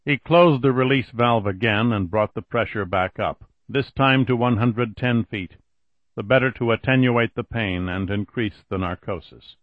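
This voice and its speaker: A man narrating an audiobook in a steady, even reading voice, on a dull lo-fi recording. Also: medium pitch, normal speed, no echo. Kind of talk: scripted narration.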